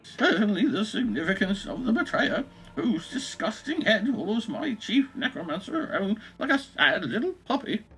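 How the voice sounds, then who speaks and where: A man voicing a haughty old English woman reading her private notes aloud in a high wavering falsetto. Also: big pitch swings, normal speed, fairly bright tone, full character voice, poor audio.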